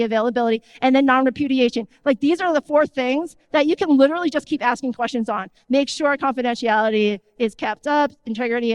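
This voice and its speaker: A woman giving an energetic conference talk in a conversational tone, often checking in with the audience. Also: high voice, no echo. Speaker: conference speaker. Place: conference stage.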